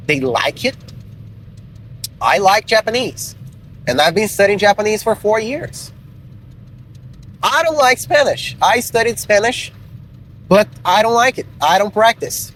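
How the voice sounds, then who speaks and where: Man, English teacher, talks straight and a bit crude, slightly high voice, faint traffic hum behind. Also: expressive, measured pace, pauses often, a bit bright, poor audio. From Brazil. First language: Portuguese. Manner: frank and blunt, swears casually, many fillers. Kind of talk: casual motivational talk to learners.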